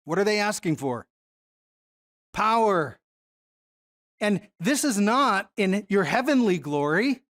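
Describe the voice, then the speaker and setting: A Bible teacher leading a Bible study lesson in a relaxed, conversational way, often stopping to put questions to the listeners. The voice sits at an ordinary middle pitch. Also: slow pace, pauses often. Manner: conversational, asks the audience questions.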